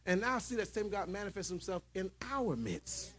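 A man preaching a sermon in church, shouting at his peaks and dropping into calmer storytelling. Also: high voice, fairly quick.

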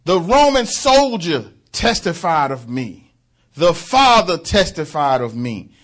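A man's voice: on the high side, big pitch swings, slow pace, a bit bright, pitched above the performer's own voice, heavily acted. A man voicing the Son of God in a sermon, proclaiming each declaration. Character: the Son of God, commanding male divine figure.

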